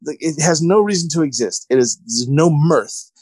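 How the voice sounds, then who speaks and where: A man's voice: fairly high pitch, animated, normal speed, a little mellow, breathy edge, no room sound. A man co-hosting a casual podcast, ranting in exasperation as he retells a film and mocks its scenes. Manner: exasperated, ranting retelling with mocking quoted voices. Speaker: podcast co-host.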